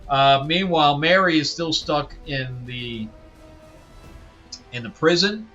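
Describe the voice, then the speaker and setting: A man's voice: on the high side, slow pace, bright, forceful tone, muffled recording, faint music behind. A man hosting a casual comic book review, rambling with lots of fillers and chuckling asides.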